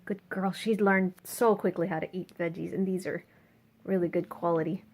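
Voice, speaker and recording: A woman vlogging at home beside her birdcages, chatting playfully and cooing at her pet birds in a high, sing-song voice. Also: steady tone, normal speed, darkish tone. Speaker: bird owner and vlogger.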